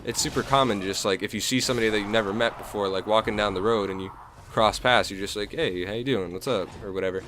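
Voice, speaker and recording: A man's voice: lowish voice, fairly even intonation, quick pace, noisy background. A young American man chatting loosely over gameplay, rambling with lots of fillers and restarts. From United States. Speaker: gaming YouTuber. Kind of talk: casual gameplay commentary.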